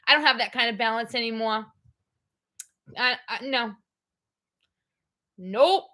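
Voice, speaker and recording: A woman's voice: on the high side, a little slow, pushed and bright. A middle-aged woman hosting a livestream, chatting casually in a blunt, rambling way. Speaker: livestream host. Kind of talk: casual chat.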